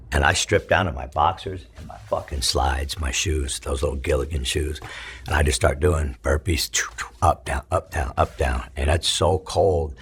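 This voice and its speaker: A middle-aged man from California, telling his story in an interview, profane and halting with many restarts. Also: rumbling low, fairly bright tone, breathy edge. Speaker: interview guest, former prisoner. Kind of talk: emotional storytelling.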